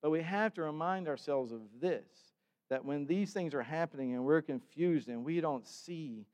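A man preaching a sermon in a conversational way, with sudden bursts of loud emphasis. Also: on the high side, moderate pace. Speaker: pastor. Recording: long hall reverb.

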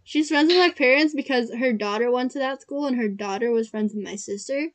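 Young woman, a bit high-pitched, in a laid-back chat; giggly, rambling storyteller. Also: fairly quick. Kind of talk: casual chat.

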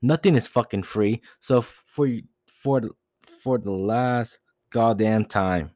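A young man rants on his own podcast, swearing constantly and rambling from one grievance to the next. His voice sits fairly low and the sound is dry and close, with no room around it. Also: slow, darkish tone, no echo. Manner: profane, agitated, rambling with frequent "dude". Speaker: podcast host. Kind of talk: solo rant.

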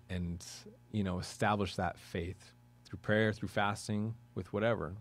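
A man preaching a sermon in a conversational way, with chuckling asides and questions to the congregation. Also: fairly low pitch. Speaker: pastor.

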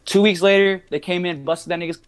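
A man's voice: high voice, fairly even intonation, brisk, clean tone. Young man telling a heated, profane story. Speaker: podcast guest, barber and rapper. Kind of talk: casual storytelling chat.

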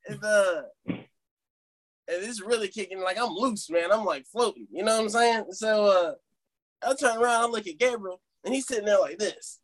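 A young man casually telling a funny story to friends on a podcast, animated and laughing along. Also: high-pitched, normal speed. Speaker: podcast co-host.

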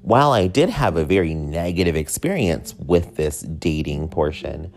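A man's voice: low voice, expressive, normal speed, darkish tone, a little hiss or hum. A man candidly telling a personal story to his viewers, blunt and swearing freely.

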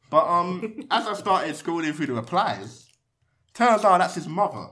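A man's voice: on the high side, big pitch swings, a little fast, sharp tone. A young man, hosting a casual podcast and telling provocative, rambling jokes. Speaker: podcast host.

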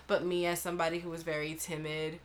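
A young woman from Brooklyn, co-hosting a podcast and telling a story in a casual, profane, animated way. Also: deep voice, fast talker, a little hiss or hum. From Brooklyn, New York. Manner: animated, profane, mimics voices in anecdotes. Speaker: podcast co-host.

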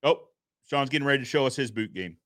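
A man's voice: medium pitch, lively intonation, fast talker, fairly bright tone, no echo, studio quality. A man hosting a podcast in casual live-stream chat, upbeat, greeting viewers and reading their comments aloud. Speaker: podcast host.

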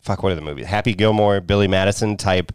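A man's voice: low-pitched, fast, smooth, no echo, clean studio sound. A man co-hosting a podcast in casual movie review chat, swearing freely and rambling with many fillers. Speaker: podcast co-host.

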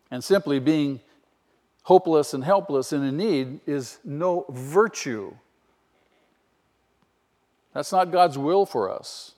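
Male pastor, sermon, emphatic, rhetorical questions, fairly high voice, long reverberant hall.

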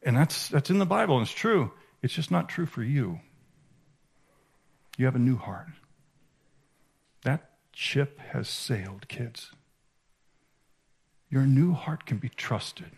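A man giving a sermon as a conference speaker, animated and emphatic, swinging between hushed and raised delivery. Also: medium pitch, unhurried, creaky, pauses often, breathy edge. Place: conference hall.

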